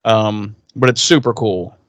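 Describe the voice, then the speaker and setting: A man's voice: on the low side, a little slow, no room sound. Man, podcast co-host, loose rambling recap with lots of fillers and some swearing; dry, close mic. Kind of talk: casual episode recap.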